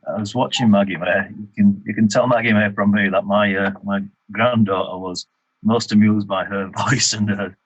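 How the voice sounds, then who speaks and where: An older man with a low, husky voice joins a casual video call as a guest. He answers briefly and matter-of-factly. His audio sounds muffled and dull. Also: fairly even intonation, normal speed, dry recording. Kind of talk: casual chat.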